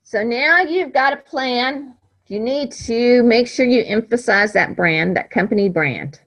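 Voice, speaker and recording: A woman's voice: on the high side, expressive, a little slow, fairly bright tone, low-quality recording. A woman teacher giving a classroom lecture, talking conversationally and checking understanding with frequent "right?".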